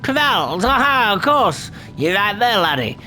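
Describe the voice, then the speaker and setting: A man voicing a rambling, tipsy old sailor who spins tales in rough sailor's slang and stumbles over his words. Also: high voice, sing-song, a little slow, pushed and bright, faint music behind, exaggerated voice, poor audio.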